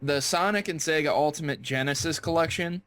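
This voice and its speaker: A man's voice: a little high, dry recording. Young man joking on a dry mic. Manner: laughing, joking, with quick bursts of excitement. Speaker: podcast co-host. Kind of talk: casual chat.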